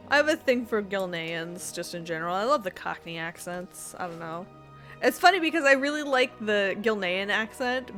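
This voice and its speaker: A woman's voice: mid-range voice, a bit bright. A woman streaming a game, chatting casually with viewers in a rambling, giggly way. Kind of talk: casual live-stream chat.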